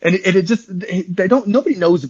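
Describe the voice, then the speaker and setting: A man's voice: high-pitched, a little mellow, breathy edge, muffled recording. A man, an interview guest, telling a long rambling story in slangy, repetitive casual talk over a call. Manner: fast, repetitive, slangy, says "bro" often.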